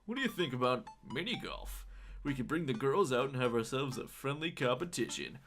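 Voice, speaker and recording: A man's voice: mid-range voice, expressive, brisk, fairly bright tone, soft background music. A man voicing a friendly, upbeat dad neighbor while reading his text message aloud. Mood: cheery.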